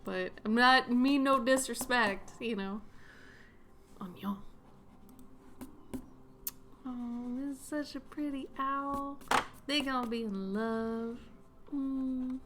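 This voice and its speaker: Young woman, slightly higher voice, giggly and rambling, casual art-stream chatter. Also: slow pace, pauses often, background noise. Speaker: artist streamer. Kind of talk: casual chat while drawing.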